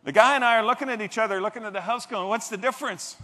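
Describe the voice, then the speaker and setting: A man's voice: high voice, rapid-fire. A man giving a motivational keynote on a convention stage, telling stories and acting out the people in them. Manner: animated, acts out quoted voices. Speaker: keynote speaker. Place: large convention hall stage. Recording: reverberant convention hall.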